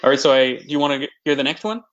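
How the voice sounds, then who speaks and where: A man, explaining slang in a relaxed, hesitant, casual podcast chat. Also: mid-range voice, rapid-fire. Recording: slightly muffled lo-fi audio.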